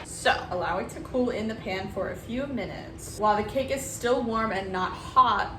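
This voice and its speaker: A woman's voice: medium pitch, roomy sound, noisy background. A young woman vlogging herself baking at home, talking casually, nervous and joking at her own expense. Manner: nervous, self-mocking, excitable. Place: home kitchen.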